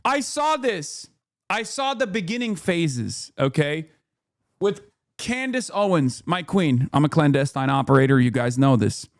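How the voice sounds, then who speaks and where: A man's voice: a little high, very animated, a little slow, dry recording, studio quality. A man streaming a casual commentary rant, emphatic and profane, stumbling over fillers and restarts.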